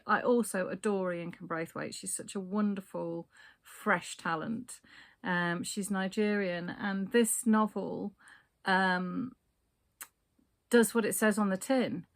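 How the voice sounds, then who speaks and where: A woman chats casually about books she loves, talking straight to camera. Her voice sits a little low. She rambles along with plenty of ums, repeats and restarts. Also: fairly even intonation, takes it slowly. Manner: chatty, with many fillers and restarts. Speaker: book vlogger. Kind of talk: casual book chat to camera.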